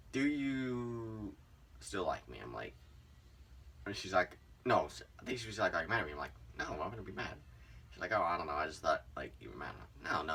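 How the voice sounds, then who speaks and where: A man's voice: low voice, far from the mic, slight background noise. A young man casually telling a personal story on his vlog, rambling with lots of fillers. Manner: rambling, many "like" and "um" fillers, lively swings in loudness. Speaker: vlogger.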